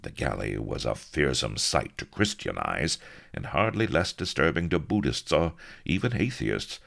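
A man narrating a comic adventure audiobook in a dry, deliberate storytelling manner. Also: extremely low pitch, very animated, gravelly, fairly bright tone.

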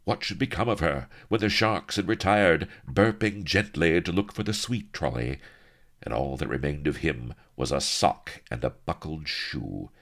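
A man's voice: extremely low pitch, unhurried, gravelly, fairly bright tone. A man reading a comic adventure story aloud with wry, mock-heroic narration.

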